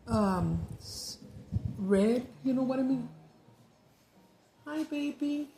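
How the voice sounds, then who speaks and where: Chatty woman, gravelly voice. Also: medium pitch, mellow, slight background noise, poor audio. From Mexican-American from the United States. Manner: chatty storyteller, switches between English and Spanish. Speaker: mukbang vlogger. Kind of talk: casual chat to camera.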